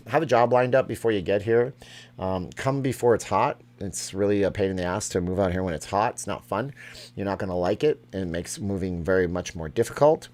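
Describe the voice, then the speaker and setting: Middle-aged guy rambling through viewer questions on a live stream, kinda low voice. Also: a little mellow. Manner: chatty, reads viewer questions aloud and answers offhand. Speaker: live stream host answering chat. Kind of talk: casual live chat.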